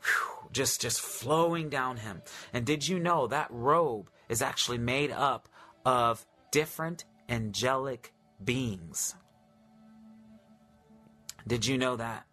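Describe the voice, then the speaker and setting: A man of middle pitch leads a live-streamed sermon, reading scripture slowly and reverently. He repeats phrases and rises with feeling on the key words. Quiet music plays underneath. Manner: fervent, drawn-out and reverent, often repeating phrases. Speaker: preacher.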